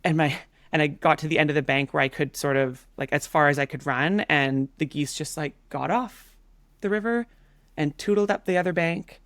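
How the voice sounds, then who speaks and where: Animated woman telling a story, dry sound. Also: sits low, normal speed, no echo. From Canada. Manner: animated, filler-heavy storytelling. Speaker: podcast guest. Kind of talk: casual storytelling.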